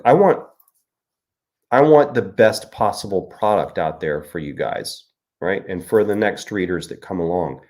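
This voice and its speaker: A man's voice: deep voice, a little mellow. A middle-aged man hosting a casual live-stream chat, joking and answering viewer comments. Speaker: host.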